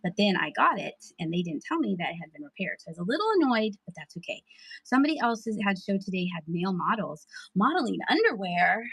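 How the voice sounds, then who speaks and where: A woman's voice: mid-range voice, very animated, fast, vocal fry, fairly bright tone, husky, dry recording, low-quality recording. A woman hosting a live thrift sale, chatting casually with viewers and laughing often. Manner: chatty, giggly, talks to chat viewers. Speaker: live-stream thrift seller. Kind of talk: casual live-selling chat.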